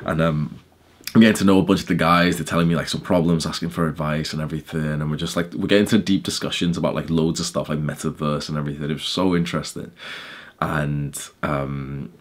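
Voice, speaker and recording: Young guy vlogging quick, deep low voice, loads of likes and swearing, just telling a story. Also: steady tone. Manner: fast, chatty, swearing, lots of "like" fillers. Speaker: YouTuber. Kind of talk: casual vlog storytelling.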